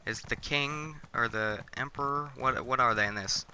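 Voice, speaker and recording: A man's voice: medium pitch, normal speed, noisy background. A man giving casual let's-play commentary, confused and blunt, swearing freely. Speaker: gamer, let's-play host. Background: faint game music.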